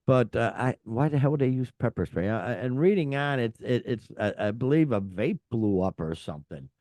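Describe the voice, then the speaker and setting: A man co-hosting a casual rock music chat show, animated and joking, reading out headlines. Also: medium pitch, brisk, no room sound. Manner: animated, reads headlines and quotes with a put-on voice. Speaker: podcast co-host.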